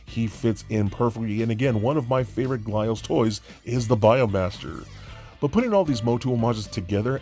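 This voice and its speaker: Gushing man reviewing toys. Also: medium pitch. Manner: excited and gushing, with many fillers and restarts. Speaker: toy reviewer. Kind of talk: enthusiastic toy review.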